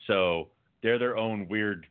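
A man chatting casually as a podcast co-host, telling stories with laughs and animated rants. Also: takes it slowly, smooth. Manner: animated, laughing storyteller who gets louder and higher when ranting. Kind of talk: casual chat. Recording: phone-like narrow audio.

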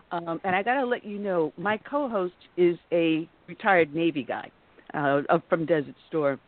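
A woman hosting a talk radio show, chatty and quick to laugh, now and then stumbling over her words while she introduces her guest. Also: fairly low pitch. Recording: tinny phone-like line.

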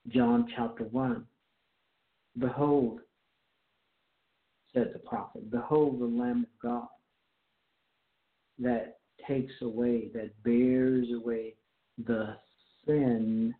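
Slow, deliberate male preacher, echoey tinny sound. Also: medium pitch, level tone. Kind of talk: sermon with scripture reading.

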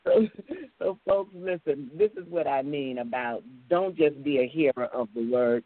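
A woman's voice: extremely low pitch, expressive, moderate pace, dry recording. A woman hosting a call-in radio talk show as a minister, talking with style affirmations and frequent laughter. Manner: warm church-style affirmations, laughing often. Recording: tinny phone-like broadcast sound, dry.

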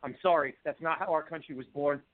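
Fired-up male caller, a bit hoarse, phone-quality audio. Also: a little high, a little fast, dry recording. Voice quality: voice turning hoarse. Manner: heated, fired-up. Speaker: call-in guest. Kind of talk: political call-in rant. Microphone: phone call. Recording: tinny phone line.

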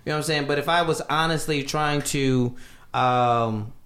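A man's voice: mid-range voice, moderate pace, fairly bright tone. A man in his thirties co-hosting a podcast, talking in a laid-back, slangy, rambling way. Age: 30s. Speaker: podcast co-host. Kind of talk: casual comedic chat.

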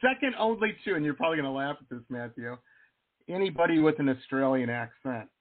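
A man hosting an interview show, enthusiastic and quick to laugh in casual chat. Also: on the high side, expressive, a crowd in the background. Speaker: talk show host. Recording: tinny phone-like line.

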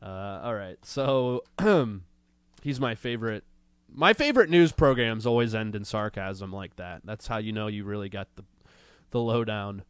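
Male host, sarcastic commentary, a bit under the weather; smooth, close and dry. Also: lowish voice, expressive, dry recording. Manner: sarcastic, mocking, drawn-out jokes. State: has a cold. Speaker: livestream show host. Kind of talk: casual commentary reacting to clips and chat.

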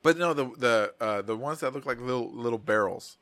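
A man's voice: mid-range voice, fairly quick, background noise. A middle-aged man, co-hosting a podcast and telling rambling, profane stories in casual chat. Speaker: podcast co-host.

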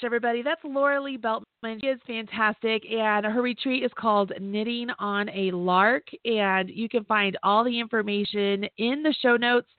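A cheerful woman runs a podcast chat, her voice sitting a little high and laughing often. The sound is dry and thin, like a phone line. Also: no room sound. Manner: bubbly, laughs easily. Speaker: podcast host. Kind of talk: casual chat.

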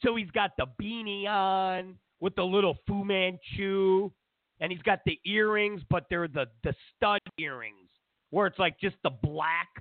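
A man's voice: high-pitched, unhurried, dry recording. A man hosting a talk show, delivering a sarcastic, digressive, opinionated rant. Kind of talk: opinionated monologue. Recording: dry, phone-like narrow sound.

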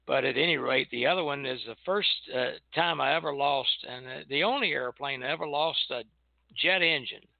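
An older man, a retired airline pilot, telling relaxed anecdotes on a call-in show and chuckling as he goes. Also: mid-range voice, normal speed, creaky, no room sound. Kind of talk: casual reminiscing on a call-in show. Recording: tinny phone line.

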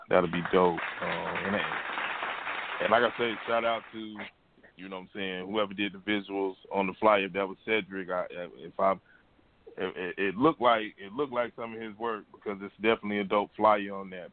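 A man's voice: low-pitched, fairly even intonation, moderate pace, gravelly. A man hosting a call-in show, talking in laid-back slang over a phone line. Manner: laid-back slang, frequent "you know what I'm saying". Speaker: radio show host. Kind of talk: casual call-in chat.

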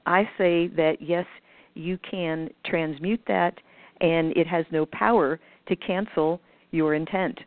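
Speaking slowly in a lowish, even voice, a woman explains manifestation conversationally as a guest on a call. The line is tinny and dry, and her long, casual talk is full of fillers and restarts, with occasional impressions of what others said.

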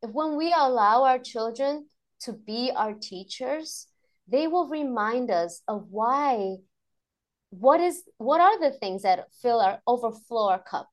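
A woman's voice: fairly high pitch, expressive, slow. A woman guest on a podcast, talking reflectively and emotionally about teaching mindfulness to children, laughing often. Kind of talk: conversational interview.

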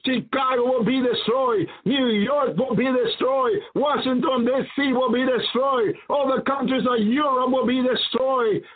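A man's voice: extremely high pitch, fairly even intonation, a little slow, hardly any pauses. A man preaching a prophetic sermon, fervent and repetitive, with frequent hallelujahs and praise. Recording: tinny phone-like audio.

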